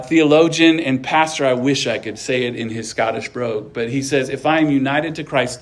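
A male pastor preaching an earnest sermon, with light asides of humor. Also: mid-range voice.

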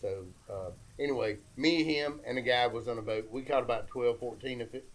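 Man, casual chat, rambling storyteller who voices other people's lines, mid-pitched. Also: brisk, low-quality recording. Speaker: podcast guest telling a fishing story.

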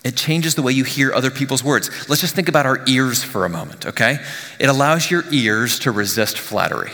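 A male pastor giving a conversational sermon, often dropping to a hushed near-whisper on key lines. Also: mid-range voice, lively intonation, a little fast, in a large hall. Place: church sanctuary.

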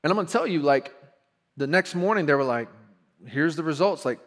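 A pastor with a twang tells a story to his church in a loose, chatty sermon. His voice sits a bit high for a man, and he jumps into little acted-out quotes, often laughing mid-sentence. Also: a little fast. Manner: animated, laughing, acts out quotes.

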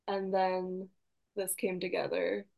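Upbeat woman podcast host with a gravelly, fry-heavy voice, steering a friendly chat. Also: fairly low pitch, flat delivery, slow, dark tone. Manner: upbeat and encouraging, leading the conversation.

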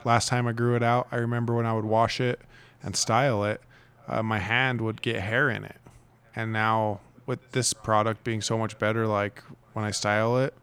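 A young man co-hosting a married couple's podcast, chatting casually with dry, deadpan jokes. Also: on the low side, normal speed, smooth. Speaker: podcast co-host. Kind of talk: casual chat.

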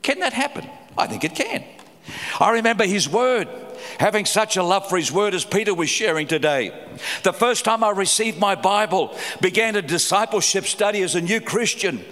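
A middle-aged man preaching a sermon with fervour, swinging between loud cries and low, quiet stretches. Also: animated, normal speed. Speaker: pastor. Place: large church hall. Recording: live hall reverb.

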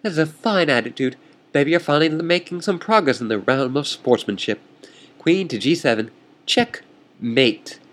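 Male reader doing a condescending, theatrical chess rival; lifted pitch, lively swoops. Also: moderate pace. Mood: smug. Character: smug taunting male chess player.

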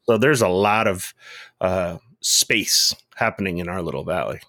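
A man's voice: low voice, measured pace, pushed and bright, no echo, clean studio sound. A man co-hosting a casual podcast, telling rambling stories with lots of fillers and restarts. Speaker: podcast co-host.

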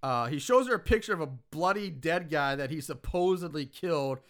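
A man casually recapping a film plot for a podcast, animated and swearing when worked up. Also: fairly high pitch, moderate pace. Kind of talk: casual chat.

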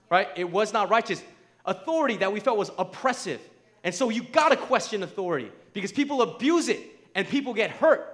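A man with a high voice preaches a sermon. He talks conversationally, often checking in with his listeners, and drives his points home with rising, emphatic force. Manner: emphatic, rising to near shouts; conversational, asks the crowd "right?".

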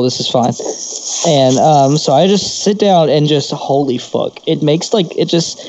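A man's voice: a little high, warm tone, a little hiss or hum, low-quality recording. A man co-hosting a podcast, telling crude stories casually, swearing freely and laughing often. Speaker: podcast co-host.

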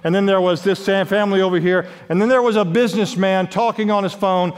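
A man preaching a sermon as pastor, emphatic, with wide swings in pitch and loudness, in a large church. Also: fairly even intonation, quick pace, clear, resonant tone. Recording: long hall reverb.

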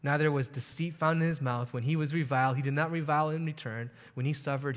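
A man's voice: a little high, steady tone, a little fast, hardly any pauses, big-room sound. A man in his thirties preaching a sermon as pastor, telling a story earnestly and building to emphatic rhetorical questions.

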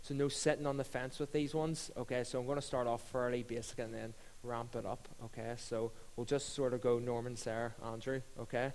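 A man's voice: medium pitch, steady tone, brisk, hardly any pauses, a little mellow, a little hiss or hum. A man hosting a church panel, jokey and upbeat. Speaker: host. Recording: long reverb of a hall.

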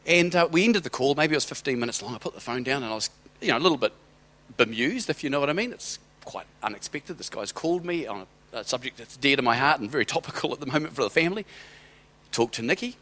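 A man's voice: fairly high pitch, a bit bright. A middle-aged man giving a sermon as a personal story, conversational and rambling, with hesitant restarts. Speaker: church speaker.

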